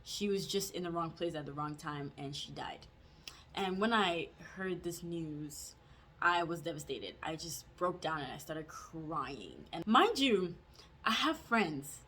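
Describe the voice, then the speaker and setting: A woman's voice: sits low, expressive, measured pace, pushed and bright, a little hiss or hum. A young adult woman telling a storytime vlog in a casual, chatty way, full of "like" fillers and self-mocking asides. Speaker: vlogger.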